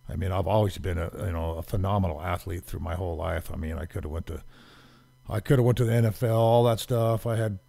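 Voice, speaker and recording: Gravelly low-voiced American man telling stories. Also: fast talker, dark tone. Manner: rambling, repeats words, emphatic. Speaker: podcast guest. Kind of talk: casual storytelling.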